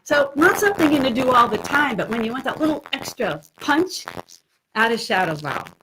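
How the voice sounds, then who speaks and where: A woman vocal coach teaching an online singing lesson over a video call, breaking into sung and creaky vocal demonstrations between explanations. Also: high-pitched, big pitch swings, brisk, background noise.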